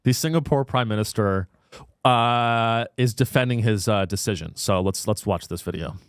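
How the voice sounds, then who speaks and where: A man with a fairly low voice speaks at a moderate pace in a clean, echo-free, studio-quality recording. Hosting a comedy podcast, he trades casual, irreverent banter with a sarcastic, crude edge.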